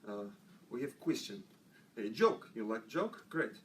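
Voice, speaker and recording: A man putting on a heavy Russian accent and broken English to tell a joke, slow and deadpan. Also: medium pitch, slight background noise, pitched below the performer's own voice, poor audio. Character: male Russian joke-teller.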